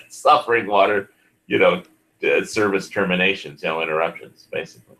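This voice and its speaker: A man chats on an online panel and rambles, filling gaps with "you know" and "like." His voice is very low. The tone is bright and edged. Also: normal speed, low-quality recording. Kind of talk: casual online panel chat.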